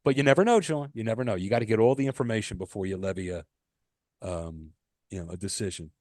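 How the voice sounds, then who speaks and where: A man co-hosting a podcast, chatting casually in an animated, joking way and often repeating himself. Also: on the low side, fast, no echo, studio quality. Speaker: podcast co-host. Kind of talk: casual chat.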